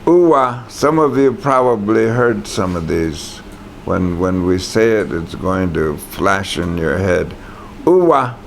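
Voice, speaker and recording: Slow, gravelly male language teacher. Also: low voice, slight background noise. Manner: patient, models words for the class to repeat. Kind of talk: classroom teaching. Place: classroom.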